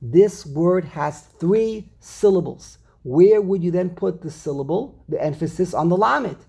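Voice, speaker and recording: Gravelly, husky-voiced man teaching. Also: high-pitched, lively intonation, mellow. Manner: repeats and restarts phrases, slows down to stress words. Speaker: Torah teacher. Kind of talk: text study lesson explaining grammar.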